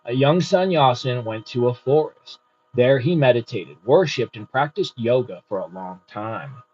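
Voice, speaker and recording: A man's voice: medium pitch, lively intonation, moderate pace, a little mellow, husky. A man hosting a book study, reading aloud unhurriedly and adding casual comments. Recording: muffled with faint music.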